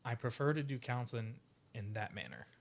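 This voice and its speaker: A man in his forties, a guest on an interview show, telling his story casually with lots of fillers and loose, animated phrasing. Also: medium pitch, a little fast, vocal fry. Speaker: podcast guest, veteran charity founder.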